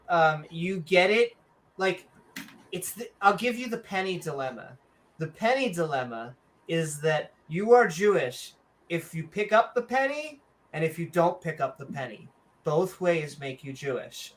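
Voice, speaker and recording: A woman co-hosting a late-night chat show with a bright, sharp tone. She talks at an unhurried pace and keeps up a sarcastic, joking patter full of mock-announcer asides. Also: lowish voice. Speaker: podcast co-host. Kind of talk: casual livestream chat.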